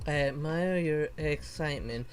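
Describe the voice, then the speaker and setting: A male VTuber streamer reading game dialogue aloud slowly, with casual commentary, laughs and mild swearing. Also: on the high side. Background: faint game music.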